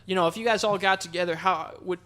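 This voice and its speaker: A young man from the Southern United States co-hosting a podcast, chatting casually and throwing in quick sarcastic quips. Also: high-pitched, steady tone, pushed and bright. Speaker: podcast co-host. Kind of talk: casual chat.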